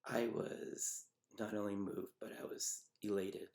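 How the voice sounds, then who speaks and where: A middle-aged man telling a personal memory in a halting, reflective way, with many pauses and fillers. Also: lowish voice, fairly even intonation, gravelly, a little mellow. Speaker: storyteller recounting a personal memory. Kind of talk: personal testimony.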